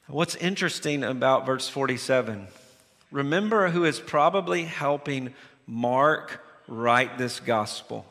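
A male pastor preaching a sermon in a church sanctuary, telling the story with animated energy and acting out the scenes. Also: mid-range voice, a little slow. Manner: animated storytelling, acts out the scenes with sudden restarts. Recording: long reverb of a large hall.

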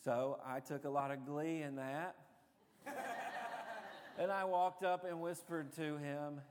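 A man's voice: a little high, fairly even intonation, moderate pace, darkish tone, in a large hall, a little hiss or hum. A man preaching a sermon as a pastor, telling stories in a conversational way with frequent fillers.

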